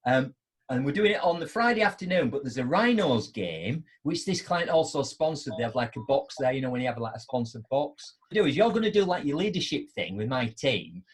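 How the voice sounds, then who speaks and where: A middle-aged man hosts a live online show, telling anecdotes in a chatty, animated way and acting out both sides of them. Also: mid-range voice, fairly quick, husky. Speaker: host.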